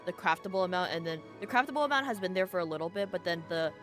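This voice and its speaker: A woman streams a game in casual commentary, her voice on the low side. She rambles, thinks aloud and curses often. Loud game music runs under her voice. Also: expressive, racing.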